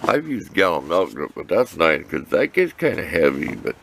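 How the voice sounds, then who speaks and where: Older guy rambling to the camera outside his shop, low voice but bouncy, kinda folksy, faint outdoor noise. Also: big pitch swings, normal speed, creaky, a bit bright. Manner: folksy, rambling, talks to himself and answers. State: out of breath. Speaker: vlogger. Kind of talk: casual outdoor chat to camera.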